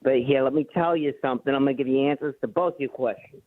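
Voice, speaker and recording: A man's voice: medium pitch, quick pace. A man with a New York accent calling into a sports radio show, brash and mocking as he trash-talks the host. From the Bronx, New York. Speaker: caller. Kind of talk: call-in sports radio chat. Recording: tinny phone line.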